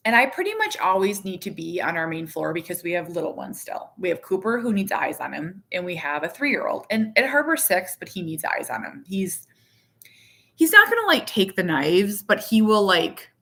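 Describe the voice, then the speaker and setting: A woman in her thirties chatting casually to her viewers from her living room, rambling and animated, with lots of "like". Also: lowish voice, normal speed, vocal fry. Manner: rambling, heavy use of "like"; candid, animated. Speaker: vlogger, parent.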